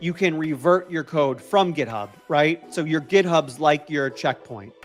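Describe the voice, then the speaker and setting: Unhurried and a little high-pitched, a man from New York, whose accent blends New York and Boston, chats as a livestream host. Soft music plays behind his upbeat talk as he repeats himself and answers chat.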